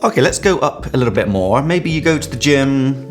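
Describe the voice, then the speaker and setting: A man with an English accent teaches grammar in an upbeat, lively way, leaning hard on key words and drawing them out as he explains. His voice sits in a plain middle register. Faint guitar music plays softly behind him. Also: medium pitch, brisk. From England.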